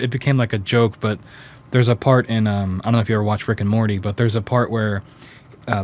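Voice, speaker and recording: A man in casual podcast conversation, relaxed, often hedging with "like" and "you know". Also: medium pitch. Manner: relaxed, laughs while retelling, hedges with "like". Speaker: podcast co-host.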